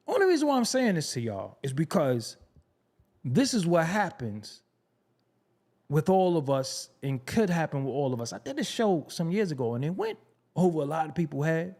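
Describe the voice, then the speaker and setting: Emphatic, slightly high-voiced man ranting. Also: sing-song, moderate pace, darkish tone. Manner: emphatic, profane and conversational, repeats phrases for effect. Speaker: commentary channel host. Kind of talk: opinionated commentary.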